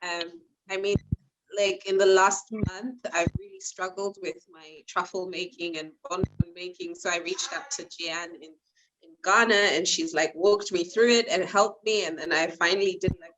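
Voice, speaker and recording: A woman's voice: fairly low pitch, steady tone, normal speed, background noise. Upbeat woman chocolate maker on a call. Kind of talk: webinar panel answer. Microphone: video call.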